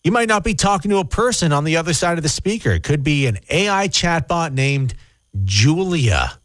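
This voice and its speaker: A man's voice: a little high, fairly quick, dry recording. A man hosting a morning radio show, bantering and teasing his co-host. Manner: teasing, lively.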